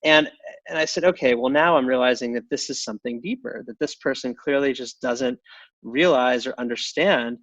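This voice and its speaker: A middle-aged man talking casually as an interview guest, halting, with lots of restarts and fillers. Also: medium pitch, a bit bright, no room sound, low-quality recording. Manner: halting, many restarts and fillers, chuckles often. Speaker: guest, tech company CEO.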